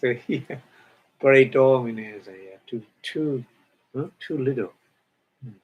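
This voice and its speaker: Male meditation teacher, mid-pitch, slow and halting, repeats terms, explaining word by word. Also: slightly rough, muffled recording. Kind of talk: dharma lecture.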